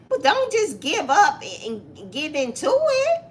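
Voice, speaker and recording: A woman's voice: high voice, huge pitch swings, a little slow, fairly bright tone. A woman with a Southern US accent, co-hosting a casual chat show and giving emphatic, preachy advice to viewers. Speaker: co-host.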